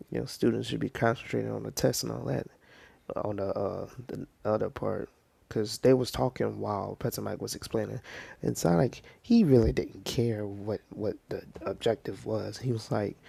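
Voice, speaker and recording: A man casually telling a fan story off the cuff, rambling with lots of fillers, dropping into soft whispers now and then. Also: lowish voice, vocal fry, slightly rough, no echo.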